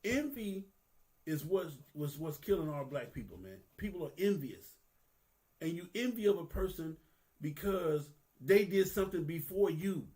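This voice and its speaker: A man's voice: on the high side, lively intonation, moderate pace, a little mellow. A man, giving a candid, earnest monologue that is profane and casual, with phrases repeated for emphasis. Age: 50s. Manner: profane, street-casual talk. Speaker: vlogger.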